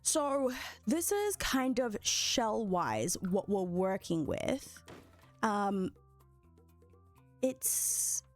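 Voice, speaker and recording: A young woman chatting excitedly with her viewers while streaming a building game. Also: mid-range voice, very slow, long pauses, faint music behind. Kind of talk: casual live-stream commentary.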